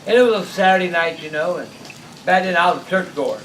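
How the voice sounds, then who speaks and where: A man's voice: sits high, fast talker, a bit bright, slight background noise. A man, telling stories in a folksy, plain-spoken drawl. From South Carolina. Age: 60s. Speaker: storyteller host. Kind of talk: casual storytelling. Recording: echoey room, mic at a distance, faint rain.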